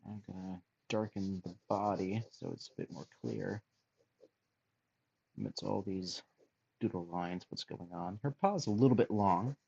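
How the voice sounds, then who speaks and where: A man chatting casually on a drawing stream, musing aloud softly as he sketches. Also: low voice, measured pace, creaky, breathy edge, lo-fi sound. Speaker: streamer and artist. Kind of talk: casual chat while drawing.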